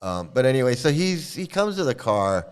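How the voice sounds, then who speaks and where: A man's voice: mid-range voice, sing-song, moderate pace, smooth. A middle-aged man casually telling a rambling story as a video host, chuckling and restarting often. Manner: rambling, chuckling, restarts, mimics people he quotes. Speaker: commentary video host, former devotee.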